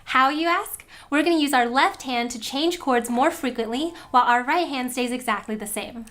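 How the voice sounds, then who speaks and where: A woman's voice: high-pitched, moderate pace, fairly bright tone. A woman teaching a guitar lesson, explaining step by step and counting out strums. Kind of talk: instructional lesson.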